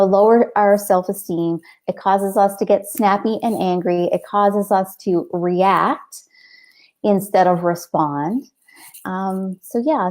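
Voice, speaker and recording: Middle-aged woman, live-stream life coach. Chatty and conversational, mid-pitched, peppers her talk with "like" and "right?". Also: dark tone. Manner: chatty, storytelling, frequent "like" and "right?". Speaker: coach hosting a live show.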